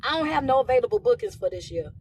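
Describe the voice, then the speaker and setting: A woman's voice: fairly high pitch, fast, a little hiss or hum. A woman life coach on a livestream, talking casually and energetically as she thanks viewers by name. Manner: energetic, warm shout-outs in casual slang. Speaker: motivational speaker and life coach.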